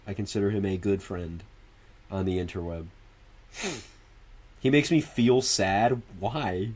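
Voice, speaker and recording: A man's voice: lowish voice, unhurried, a little mellow, husky. Male streamer, loose and profane, chats and laughs with his viewers. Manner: answers viewers directly. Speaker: livestreamer. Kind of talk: casual stream chat.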